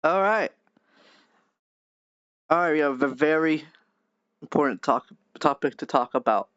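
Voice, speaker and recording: Goofy whooping podcast host. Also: male voice, a little high, expressive, unhurried, smooth, dry recording, highs cut off. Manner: goofy, loud, introducing everyone with whoops. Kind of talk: casual gaming podcast chat.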